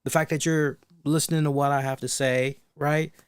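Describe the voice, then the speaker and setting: A man's voice: fairly high pitch, flat delivery, moderate pace, clear, resonant tone, dry recording, studio quality. A man hosting a wrestling review podcast, talking in a rambling, thinking-aloud way with blunt, casual swearing. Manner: rambling, thinks aloud with many restarts and asides. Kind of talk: casual solo commentary.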